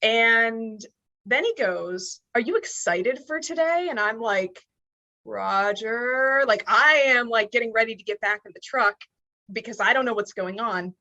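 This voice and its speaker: A young woman from the US Northeast, talking as a podcast guest. She tells her story with animation and slips into the voices of the people in it. Her voice sits a little high for a woman. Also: moderate pace, muffled recording. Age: young adult. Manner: animated, acts out quoted dialogue. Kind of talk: storytelling in an interview.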